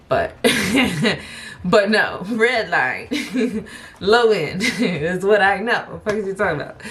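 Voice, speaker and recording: Young woman, fairly low voice, animated storyteller, curses freely, faint background hiss. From Chicago. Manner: animated, laughing, profane storyteller. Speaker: vlogger. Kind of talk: storytime vlog.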